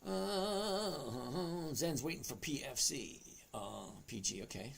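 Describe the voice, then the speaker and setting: A man's voice: a little high, expressive, slow, vocal fry, slightly rough. A man hosting a stock trading livestream, chatting casually, greeting viewers by name and explaining charts step by step. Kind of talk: casual livestream chat reading viewer comments.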